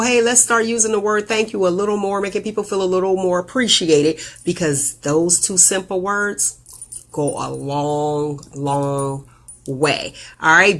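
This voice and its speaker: Woman, host, casual live chat, animated storytelling, big pitch leaps, middle pitch.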